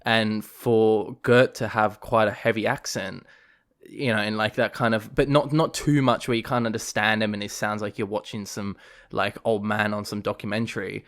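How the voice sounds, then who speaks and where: A man's voice: lowish voice, fairly even intonation, moderate pace, a bit bright. A man co-hosting a podcast, chatting casually about a film, rambling with fillers and restarts. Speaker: podcast co-host.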